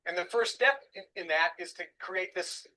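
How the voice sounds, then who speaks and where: A man's voice: high voice, moderate pace, pushed and bright, poor audio. A man speaking in a recorded motivational seminar, conversational and repeating phrases for emphasis. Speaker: self-help seminar speaker.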